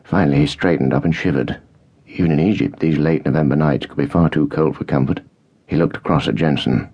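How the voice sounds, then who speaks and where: A man narrating an audiobook in a steady, measured way, on a dull lo-fi recording. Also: rumbling low. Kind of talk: scripted narration.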